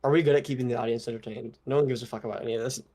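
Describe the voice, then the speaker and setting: A man's voice: medium pitch, fairly even intonation, racing, dark tone. A young man co-hosting a podcast in casual chat, joking, teasing and swearing freely. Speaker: podcast co-host.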